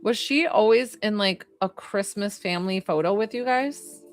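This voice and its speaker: A woman's voice: mid-range voice, moderate pace, no room sound, soft background music. A young adult woman doing a psychic reading on a casual livestream, talking in a chatty, emotional way with lots of fillers.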